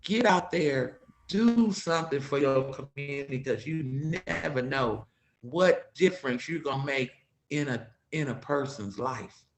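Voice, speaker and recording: Speaking in a rumbling low voice at a slightly slow pace, a woman guest recounts heartfelt stories of her community work. She relays past conversations through repeated "I said, she said," and the recording carries a roomy echo.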